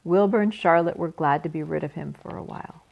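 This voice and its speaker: A woman storyteller reading a children's book aloud in a steady, unhurried manner. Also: lowish voice, gravelly, highs cut off.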